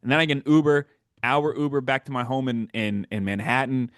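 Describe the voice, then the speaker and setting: A man's voice: medium pitch, fairly quick, dry recording, studio quality. A man hosting a podcast, telling stories in casual chat and acting out the people he quotes. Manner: animated storyteller acting out quotes. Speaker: podcast host.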